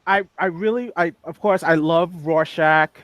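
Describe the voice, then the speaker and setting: A man's voice: fairly high pitch, normal speed, no echo, lo-fi sound. Earnest man telling an animation story. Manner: earnest storyteller, frequent restarts. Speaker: guest animator and director. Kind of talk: casual podcast interview.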